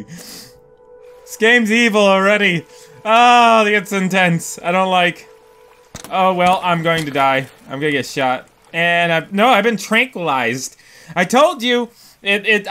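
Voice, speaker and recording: A young man giving excitable let's-play commentary, exaggerated and squealing at cute things. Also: sits high, slight background noise. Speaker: gaming YouTuber.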